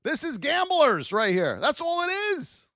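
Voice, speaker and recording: A woman with a high voice that swings widely between highs and lows runs a live trading lesson. She scolds and exclaims at her viewers, taking her time over each point. The sound is close and dry. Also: very animated, measured pace, fairly bright tone, dry recording. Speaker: trading educator.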